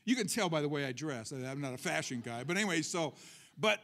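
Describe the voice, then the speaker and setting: A man's voice: on the high side, animated, fast talker, fairly bright tone. A male pastor giving a conversational sermon at a church service, asking the congregation questions and tossing in joking asides.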